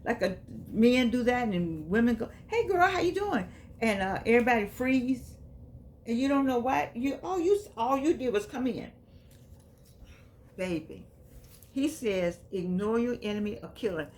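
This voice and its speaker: A woman's voice: a little high, normal speed, slight background noise. A woman casually reading passages from a book aloud and talking them over in a conversational, down-to-earth way. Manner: grows quiet and subdued. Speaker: vlogger reading and commenting on a book.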